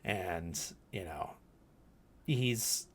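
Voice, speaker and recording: Male podcast co-host, lowish voice, loose rambling recap, curses casually. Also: very slow, breathy edge. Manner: rambling, loose, swears freely, heavy "like" and "you know".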